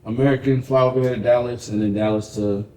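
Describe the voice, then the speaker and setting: On a podcast he co-hosts, this man tells stories and chats casually with lots of energy, frequent profanity, and acted-out dialogue. He talks fast in a mid-range voice, recorded at low quality in an echoey room.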